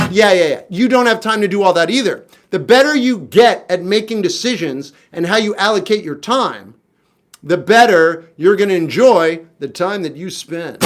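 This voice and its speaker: High-voiced guy in his 40s from florida, wry and chill, reading chat questions out loud on a stream, soft guitar behind. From South Florida, US. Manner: laid-back, wry, reads chat questions aloud and answers. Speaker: livestream musician answering chat. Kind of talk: casual livestream chat.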